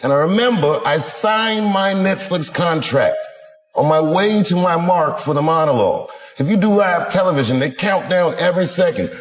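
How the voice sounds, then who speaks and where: A middle-aged man doing a stand-up comedy routine, telling a story with lively acted-out quotes. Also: on the high side, moderate pace, soft background music. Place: large theater stage. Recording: reverberant hall with crowd noise. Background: audience laughter.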